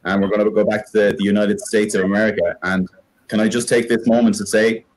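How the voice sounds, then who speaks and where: A man's voice: fairly low pitch, level tone, fast, poor audio. Joking Irish man hosting a livestream. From Ireland. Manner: joking, hesitant, with many fillers and restarts. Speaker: host and judge.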